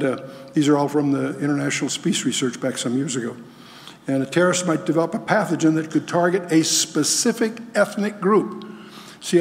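With a slightly high, darkish voice, a man gives a lecture-style Bible teaching with slides, emphatic and packed with rhetorical questions and restarts. A long hall reverb surrounds him.

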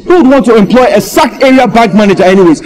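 A man's voice: high voice, lively intonation, fast talker, a little mellow. A man with a Nigerian accent playing a jobless husband defending himself and begging his wife to stop, in a movie. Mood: defensive. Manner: pleading, defensive. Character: humiliated jobless husband, former bank manager. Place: outdoors in public.

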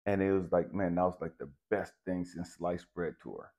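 A man telling a personal story to the camera in an animated, profane, emphatic way. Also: sits low, moderate pace. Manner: animated, profane, keeps saying "stay with me, I'm going somewhere". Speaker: channel host.

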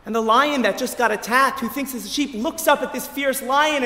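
High-pitched rabbi guy, bright sharp voice, preaching in a big echoey hall. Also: moderate pace, few pauses. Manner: animated, emphatic, repeats words as he builds. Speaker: rabbi giving a short lecture. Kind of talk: sermon with storytelling.

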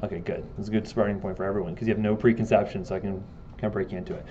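A man's voice: lowish voice, flat delivery, racing, dark tone, muffled recording, a little hiss or hum. A man giving a casual classroom lecture, joking and asking his students questions.

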